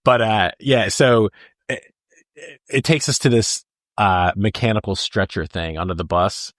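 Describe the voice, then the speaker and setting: Laughing low-voiced man chatting about movies. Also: a little slow, fairly bright tone, no echo, studio quality. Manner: laughs often, jumps into quoted lines. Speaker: podcast co-host. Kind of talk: casual film discussion.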